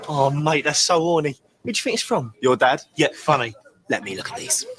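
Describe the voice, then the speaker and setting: Excitable British teen schoolboy, jokey, animated pitch. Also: male voice, fairly quick. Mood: excited.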